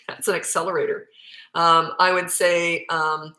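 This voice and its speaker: A woman's voice: lowish voice, little pitch movement, unhurried, bright, forceful tone. A woman parenting coach answering viewer questions live, speaking in a blunt, emphatic way. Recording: echoey room.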